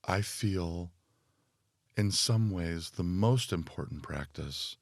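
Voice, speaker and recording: A man speaking as a podcast guest and spiritual teacher, thoughtful and full of fillers, growing more animated as he explains. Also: low-pitched, slow, no room sound, studio quality. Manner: thoughtful, speaks in loose phrases with many fillers. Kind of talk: reflective podcast conversation.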